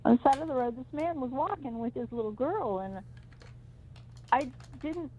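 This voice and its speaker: A woman's voice: high-pitched, animated, moderate pace, a little hiss or hum. A middle-aged woman, a psychic reader, telling a personal story in a rambling, emphatic way with many restarts. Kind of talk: personal storytelling on a call-in show. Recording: tinny phone line.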